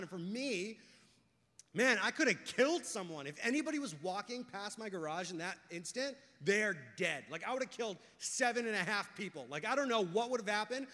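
A young man preaching a sermon, talking casually and telling stories, going from hushed to loud and excited. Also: high voice. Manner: conversational, storytelling, swings from hushed to loud and excited. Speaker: pastor. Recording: long hall reverb.

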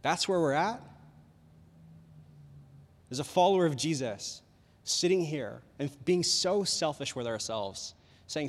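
A man with a high voice preaches a casual youth sermon. He talks in an animated, rambling way and says "like" constantly. His voice rings through a large, reverberant church hall. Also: unhurried, pauses often. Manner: animated, rambling, heavy use of "like".

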